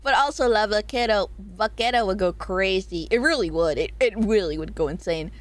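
A woman's voice: medium pitch, a little fast. A woman streaming a casual chat, reading out viewer suggestions, giggling often and swearing freely.

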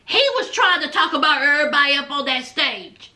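High bright sassy woman vlogger. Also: expressive, brisk. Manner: chatty, sassy storytelling with quoted lines. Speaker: reality TV recap vlogger. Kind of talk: casual recap commentary.

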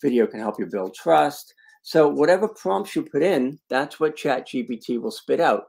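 A man's voice: medium pitch, animated, moderate pace, vocal fry, darkish tone, slightly rough. A man teaching a live online training webinar, talking through a screen-share demo with punchy emphasis on key words and chatty asides to attendees. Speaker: online video marketing trainer.

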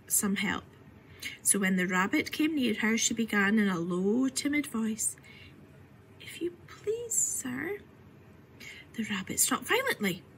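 Expressive woman reading a storybook aloud. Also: on the high side, slight background noise, low-quality recording. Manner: expressive, often softening to a whisper. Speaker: reader.

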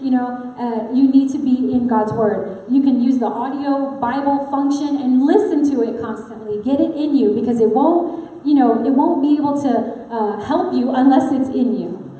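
A woman's voice: high-pitched, normal speed, warm tone. A woman preaching an earnest, personal sermon in a church sanctuary, talking conversationally with frequent fillers. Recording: echoey hall with long reverb.

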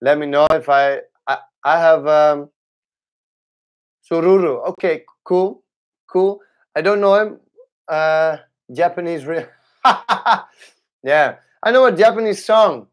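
Halting male capoeira teacher. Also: on the high side, lo-fi sound. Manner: halting, with many restarts and fillers. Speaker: capoeira instructor. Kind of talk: casual livestream chat.

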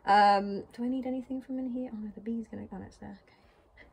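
A woman's voice: fairly high pitch, steady tone, brisk, creaky, a little mellow, breathy edge. A British woman vlogging in a casual, rambling way, thinking aloud as she packs. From Britain. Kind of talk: casual chat while packing.

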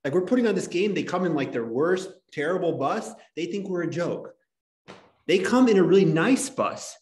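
Need a fake fired-up cheesy coach, mock-intense, pitched up, echoey room, put on by a male teacher. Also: expressive, normal speed, a little mellow. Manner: mock-intense pep talk.

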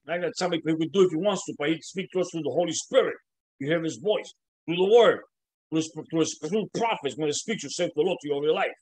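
A man's voice: a little high, poor audio. A male preacher delivering a fervent, loosely structured sermon, often repeating and restarting words and dropping casual slang. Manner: impassioned, stumbling and repeating words; casual slang like "man" and "bro".

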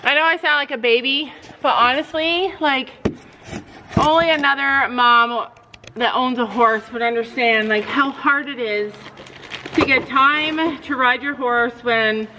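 A chatty mom with a high voice talks casually to a handheld camera outside at a horse barn. She laughs a lot and slips into cooing baby talk with the animals. Faint background noise sits under her voice. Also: measured pace. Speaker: mom vlogger. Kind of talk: casual vlog chat.

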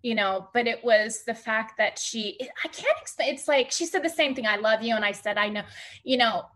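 Tearful, halting woman sharing a memory. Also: a little high, fairly bright tone. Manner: halting, many fillers and restarts, near tears. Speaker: podcast guest. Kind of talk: emotional conversational storytelling.

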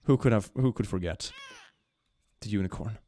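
A man streaming a game, commenting casually and excitably, swinging between gushing and mumbling with frequent laughs. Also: on the low side, normal speed.

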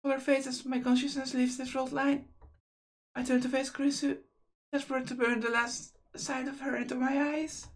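High-voiced woman reading game narration. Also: little pitch movement, normal speed. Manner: earnest, emotional first-person reading. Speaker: let's play host. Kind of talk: reading visual novel narration aloud.

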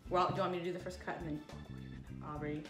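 A woman's voice: fairly low pitch, flat delivery, fast talker, reverberant, music in the background. A woman hosting a casual food review vlog, chatty and joking, teasing herself as she tastes. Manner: chatty, joking, self-deprecating.

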